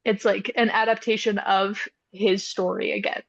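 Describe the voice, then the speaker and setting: A woman co-hosting a casual chat, giggly and animated, full of quick asides. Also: medium pitch, vocal fry, no echo, lo-fi sound. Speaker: podcast co-host.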